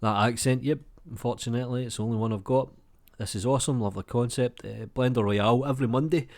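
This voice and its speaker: A man's voice: mid-range voice, fairly even intonation, quick pace. A young adult man, casually chatting through viewer comments while getting over a cold, swearing freely and calling everyone mate. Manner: laid-back, swears freely, says mate a lot. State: has a cold. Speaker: YouTube creator.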